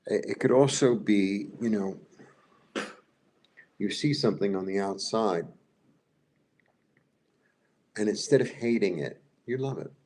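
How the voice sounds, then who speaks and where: A man with a very low voice reads tarot cards live and thinks aloud as he goes, pausing and searching for words. A faint hiss of noise sits under his voice. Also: darkish tone. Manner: musing, thinking aloud with pauses. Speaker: tarot reader.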